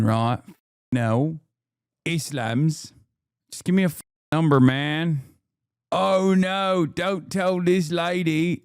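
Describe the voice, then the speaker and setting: A man's voice: a little high, darkish tone, clear, resonant tone, no room sound, studio quality. A man hosting a livestream, reacting to a video with mocking, profane rants. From United States. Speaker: livestream host.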